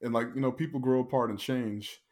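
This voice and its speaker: A man's voice: mid-range voice, fairly even intonation, a little fast, darkish tone. A man hosting a podcast, casually retelling a film's scenes and laughing often. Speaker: podcast host. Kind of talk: casual film recap chat.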